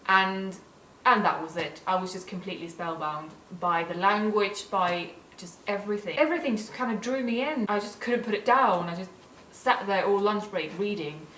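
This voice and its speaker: A woman's voice: medium pitch, moderate pace, few pauses, fairly bright tone, roomy sound, recorded from a distance, a little hiss or hum, poor audio. A young woman from Sweden vlogging in a casual, gushing and earnest way. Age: young adult. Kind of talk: casual vlog talk.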